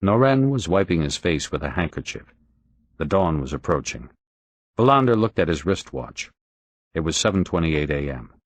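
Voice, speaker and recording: A man narrating an audiobook in a steady, expressive reading. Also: extremely low pitch, moderate pace, no room sound. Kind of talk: audiobook narration of a crime novel.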